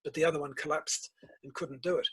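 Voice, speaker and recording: An older man, a guest author and principal telling stories in a measured, reflective interview. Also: a little high, steady tone, a bit bright, breathy edge, poor audio. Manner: measured storytelling, tells anecdotes.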